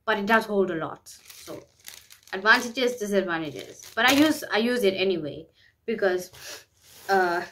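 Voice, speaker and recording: A woman's voice: mid-range voice, animated, unhurried, a bit bright, slight background noise. A woman vlogging in a candid, rambling way, often repeating herself and speaking openly about private matters. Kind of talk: candid personal vlog talk.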